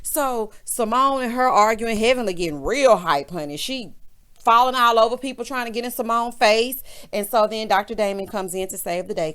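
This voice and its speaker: A woman's voice: a little high, a bit bright. A woman recapping a reality show in casual commentary, sassy and gossipy, talking straight to her viewers. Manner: sassy, gossipy, speaks to the audience directly.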